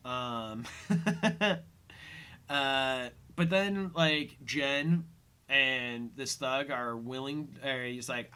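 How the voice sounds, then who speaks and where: A man's voice: medium pitch, drawn-out words, sharp tone, smooth. A man hosting a casual commentary podcast, retelling an episode with lots of fillers and quoted lines. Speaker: podcast host.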